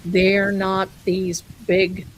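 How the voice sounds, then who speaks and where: A woman's voice: medium pitch, monotone, drawn-out words, a little hiss or hum, rough recording. A woman hosting a live stream, telling ghost stories in a chatty way and calling her viewers "my darling.". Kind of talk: casual live-stream storytelling.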